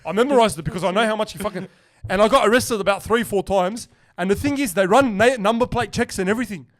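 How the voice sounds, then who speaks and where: A man's voice: high voice, fast. A young man, hosting a casual podcast and telling stories animatedly, acting out other people's lines and swearing freely. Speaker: podcast host.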